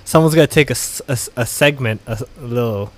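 A man's voice: medium pitch, fast talker. A man co-hosting a casual podcast chat, joking around and laughing, often slipping into exaggerated voices. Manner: joking, laughing, swings into exaggerated put-on lines. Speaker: podcast co-host.

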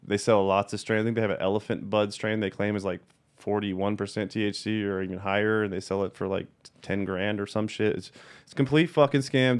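A man's voice: fairly low pitch, smooth. A young adult man who breeds cannabis, giving a blunt, profane and heated rant in a casual video monologue, repeating his points for emphasis.

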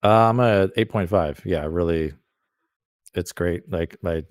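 A man's voice: low voice, unhurried, a little hiss or hum. A man on a movie podcast panel, laid-back and agreeable, musing aloud. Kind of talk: casual panel chat.

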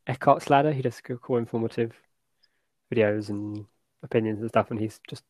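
A man's voice: mid-range voice, fairly even intonation, a little fast, a little mellow, no echo. A young man chatting as a podcast guest, laid-back and self-mocking, with trailing fillers over a call. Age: young adult. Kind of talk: casual podcast chat.

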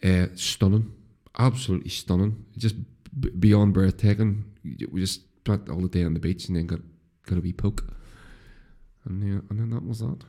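A man's voice: low-pitched, steady tone, moderate pace, mellow. A middle-aged man with a Northern Irish accent, hosting a casual solo podcast, rambling with restarts and swearing freely. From Northern Ireland. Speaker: podcast host.

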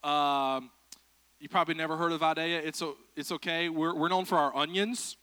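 Bright-voiced preacher, joking. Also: male voice, fairly high pitch, steady tone, fairly quick, smooth, no echo. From South Georgia, USA. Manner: joking, chatty, self-deprecating. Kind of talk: humorous sermon. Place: church.

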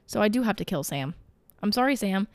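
A young woman talks straight to the camera in a loose, gushing ramble, full of fillers and quick self-corrections. Her voice sits at an ordinary middle pitch for a woman. The sound is dry and close, with no room echo. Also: lively intonation. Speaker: vlogger. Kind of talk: casual chat to camera.

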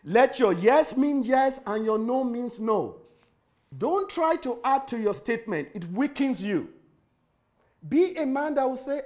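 A man's voice: very high voice, sing-song, a little slow, a little mellow. A man preaching a sermon, emphatic, hammering key words by repetition and spelling terms out letter by letter.

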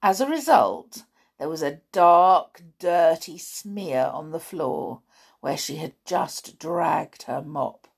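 Expressive woman reading a children's story. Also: deep voice, takes it slowly, vocal fry, slightly rough. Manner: expressive, dramatic. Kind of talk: reading a children's book aloud.

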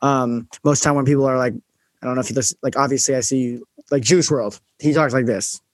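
A man with a West Coast American accent talks at an average pitch. He asks long, wandering questions and thinks out loud between fillers. The recording is dry and close. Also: steady tone, no room sound. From United States. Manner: musing, drawn-out questions with many fillers. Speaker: interviewer. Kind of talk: casual interview chat.

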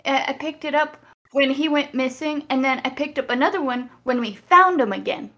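A woman voicing an earnest young woman adventurer who comforts others with halting, rambling words. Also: high-pitched, pushed and bright, pitched above the performer's own voice. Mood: consoling.

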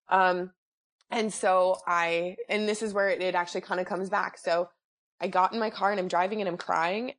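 A woman's voice: fairly low pitch, steady tone, normal speed. A woman guest on a podcast, chatting casually about her own life and acting out what people said. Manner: chatty, acts out quoted dialogue. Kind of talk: casual personal storytelling.

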